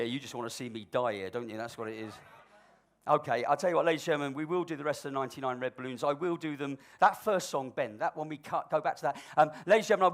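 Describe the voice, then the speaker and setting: A middle-aged man doing live stage comedy as a balloon performer, with cheeky, cajoling banter aimed at an audience volunteer. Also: on the high side.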